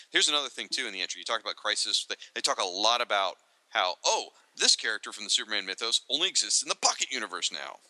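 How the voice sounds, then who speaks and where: A man co-hosting a casual chat, reading entries aloud from a reference book and adding excitable, joking asides. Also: fairly low pitch, rough recording. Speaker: podcast co-host.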